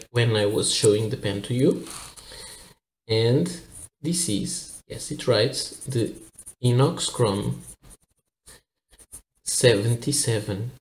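A man from Portugal talks through a fountain pen review at an unhurried pace. He explains carefully, pausing and restarting as he shows details to the camera. His voice sits mid-range and carries a noticeable room echo. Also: medium pitch, a little mellow. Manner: careful, hesitant explaining while handling objects. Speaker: pen reviewer, channel host. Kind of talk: product review with demonstration.

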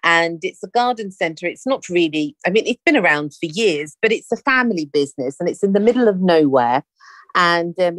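A woman hosting a conversation, telling a story in a chatty, animated way and acting out the dialogue. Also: on the low side, no room sound. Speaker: podcast host. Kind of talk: casual anecdotal storytelling.

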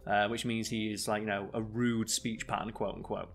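A man's voice: fairly low pitch, level tone, normal speed, creaky, a bit bright. A young man, co-host of a casual podcast, who rambles with many fillers and restarts. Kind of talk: casual chat.

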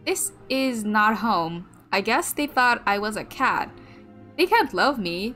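A woman's voice: fairly high pitch, big pitch swings, slow, bright, forceful tone, soft background music. A young adult woman streamer narrating a game playthrough, reading the text aloud in a small girlish voice.

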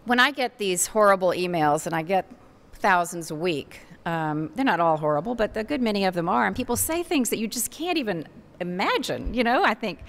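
A woman's voice: medium pitch, animated, fairly quick, fairly bright tone. A middle-aged woman columnist speaking on a university forum panel, candid and wry with self-deprecating asides, into a stage microphone. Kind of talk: panel discussion remarks.

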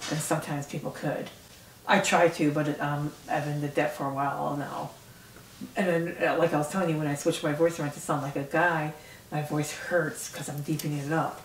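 A woman hosting an interview show, talking in a rambling, halting way. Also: sits low. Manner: rambling, halting, lots of fillers. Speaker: host. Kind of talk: casual interview. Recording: echoey room, mic far off, faint noise.

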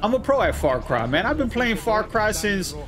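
A man's voice: high voice, very animated, moderate pace, over music. A man hosting a let's play, giving loose, joking, profane running commentary. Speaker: gaming channel host.

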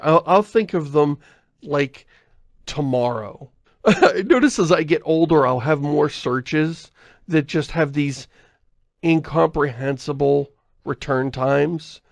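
A podcast host chatting casually in a rambling, self-interrupting way, often laughing and reading listener mail. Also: male voice, fairly high pitch, measured pace, vocal fry, no echo. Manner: reads listener mail aloud.

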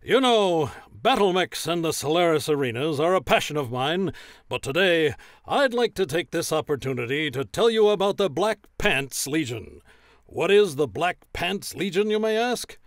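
A man playing a gruff, profane, hard-drinking male arena announcer who blusters through a commercial recording in a comedy sketch. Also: a little high, lively intonation, normal speed, no echo, studio quality, natural voice. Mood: announcing.

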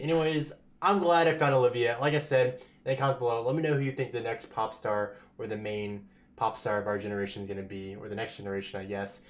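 A man talking casually and excitedly as he reacts to a music video, full of slang. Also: medium pitch. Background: song playing faintly.

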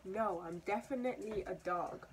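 A small storybook mouse, clever and cheeky, bluffing boldly in a mid-pitched voice, as a woman reads him. Faint noise hums under the reading. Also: normal speed, close to an everyday voice, low-quality recording. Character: small quick-witted boy mouse, bluffing.

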